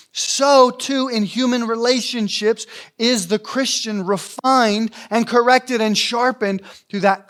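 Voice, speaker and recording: A man's voice: high voice, fairly bright tone. A man preaching a sermon as a pastor in a church, emphatic, repeating key phrases for weight. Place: church sanctuary.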